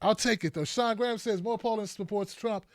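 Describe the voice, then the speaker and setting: A man's voice: high-pitched, fairly quick, dry recording, clean studio sound. A man hosting a live political commentary stream, talking bluntly and mockingly off the cuff. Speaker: host.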